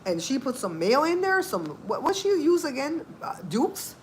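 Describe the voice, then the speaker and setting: A woman's voice: high voice, normal speed, slight background noise, poor audio. A woman hosting a cooking channel, talking in a casual, sassy, chatty way. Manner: animated, chatty, sassy asides. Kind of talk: casual chat.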